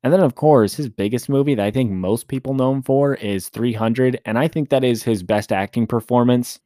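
A man with a medium-pitched, dark voice hosts a solo movie review podcast at a normal speed. He talks casually and chattily, rambling and correcting himself as he goes. The recording is dry, with clean studio sound.

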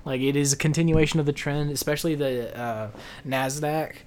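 Casting: young male podcast co-host, relaxed and halting, a touch high. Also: slight background noise. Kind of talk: casual chat.

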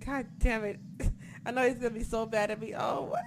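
A woman chatting casually about a wrestling show, excitable, swearing a lot and losing track of names as she talks. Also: on the high side, normal speed, noisy background. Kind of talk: casual chat.

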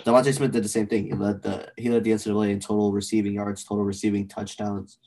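A young man co-hosting a casual sports podcast, animated and blunt, swearing casually as he argues picks. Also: fairly low pitch, fast talker. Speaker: podcast co-host.

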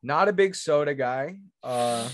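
A man hosting a podcast in relaxed, slangy banter with his co-host. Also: a little high, measured pace, no room sound, clean studio sound. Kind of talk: casual chat.

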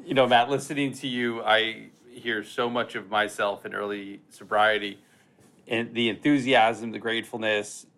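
A gravelly-voiced man hosts a podcast and puts questions to a guest. He is reflective and halting and often restarts mid-sentence. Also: lowish voice, fairly even intonation, fairly bright tone. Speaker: podcast host. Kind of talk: casual interview.

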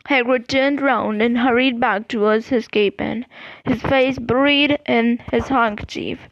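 Brief: woman podcast reader, steady read-aloud, dry close mic, dull lo-fi sound. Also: fairly high pitch, measured pace, no echo. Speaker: podcast host reading a book aloud. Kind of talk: audiobook read-aloud narration.

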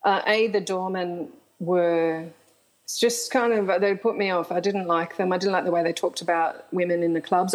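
A woman's voice: fairly low pitch, steady tone, moderate pace, low-quality recording. A middle-aged woman, a guest telling frank stories in an interview and laughing often. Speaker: guest, author. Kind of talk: candid storytelling interview.

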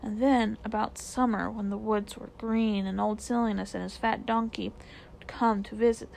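A woman reading a children's novel aloud in a gentle, measured voice. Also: mid-range voice, steady tone, creaky, slight background noise, poor audio. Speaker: storyteller.

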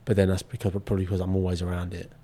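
A man's voice: low voice, completely flat delivery, racing, mellow. A young English man co-hosting a podcast in casual chat, joking around and often slipping into mock accents. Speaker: podcast co-host.

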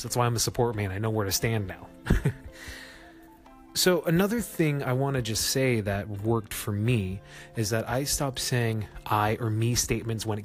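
A man hosting a casual solo gaming podcast, chatty and self-mocking, often jumping up in pitch to stress a point. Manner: chatty, self-mocking, laughs at his own jokes; animated, jumps up in pitch for emphasis. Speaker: podcast host.

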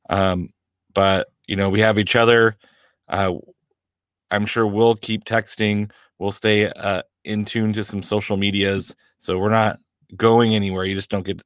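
A man co-hosting a soccer podcast with a fairly low voice. His talk is loose and laid-back and full of "like," and the recording is dry and close, with no room sound. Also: no echo. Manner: loose, filler-heavy with many "like"s. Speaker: podcast co-host. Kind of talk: casual chat.

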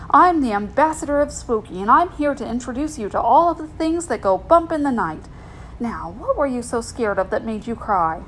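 A woman's voice: slight background noise, rough recording. Woman doing a sing-song witchy godmother. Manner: sing-song, theatrical, high-pitched. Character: cheerful witchy female scary godmother.

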